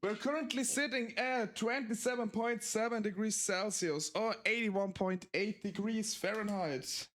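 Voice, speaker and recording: A man's voice: sits high, unhurried, few pauses, fairly bright tone. A man hosting a game stream, chatting casually and laughing often. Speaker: streamer host. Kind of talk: casual gameplay chat.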